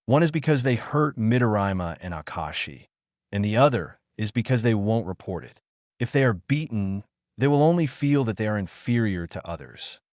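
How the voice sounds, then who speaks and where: A man's voice: lowish voice, lively intonation, moderate pace, darkish tone, dry recording, clean studio sound, natural voice. A man voicing a shrewd, laid-back male basketball coach who talks in an easygoing, knowing way. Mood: amused.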